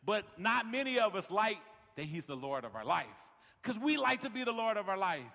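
A man's voice: high voice, sing-song, fairly quick, gravelly, bright, forceful tone, big-room sound. A man preaching a sermon as pastor, peppering his lines with "man" and building rhythmic refrains. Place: large worship center.

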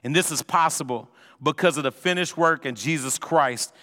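A man preaching a sermon in a church, conversational and energetic, filling his talk with "man" and "all right". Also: on the high side, normal speed. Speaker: pastor. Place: church sanctuary. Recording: long hall reverb.

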